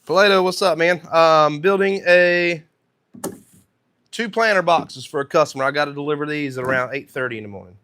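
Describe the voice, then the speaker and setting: A man's voice: a little high, moderate pace, pushed and bright, smooth. A man with a thick North Carolina accent and a sore throat, chatting casually on a live stream while he works in his workshop and answers viewers' comments. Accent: thick North Carolina Southern.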